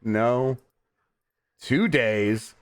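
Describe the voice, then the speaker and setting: A very tired man hosts a casual chat at a middle pitch. He rambles, stumbles and restarts his sentences, and laughs easily along the way. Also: very slow, clean tone. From United States. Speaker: host.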